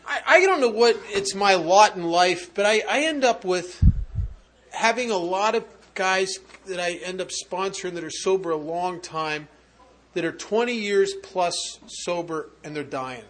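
High-voiced man telling a wry story. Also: unhurried, a bit bright. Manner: conversational, wry, with frequent restarts. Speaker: speaker at a recovery meeting. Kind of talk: humorous personal storytelling talk.

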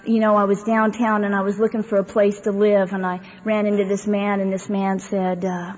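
A woman's voice: mid-range voice, little pitch movement, moderate pace, darkish tone. A woman speaking to a live audience at a recovery meeting, telling her own story in a rambling, conversational way with lots of fillers and wry humor. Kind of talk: personal testimony talk to a live audience. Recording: dull, echoey hall recording with faint hiss.

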